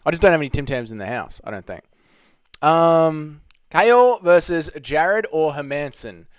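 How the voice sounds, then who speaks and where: A man's voice: fairly high pitch, animated, moderate pace, smooth, dry recording, studio quality. A man hosting a casual livestream, reading viewer questions aloud and joking through his answers from home. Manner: jokey, reads chat questions aloud and riffs on them. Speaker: livestream host answering chat.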